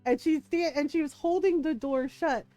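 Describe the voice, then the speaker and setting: A woman's voice: sits high, moderate pace, mellow, faint music behind. A middle-aged woman streamer telling a family story in casual chat. She laughs often as she talks and acts out the people she quotes.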